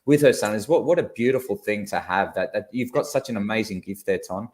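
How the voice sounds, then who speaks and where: Australian male co-host, low-ish pitch, casual chatter. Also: a little fast, darkish tone. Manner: chatty, reads viewer comments aloud. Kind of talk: casual livestream chat.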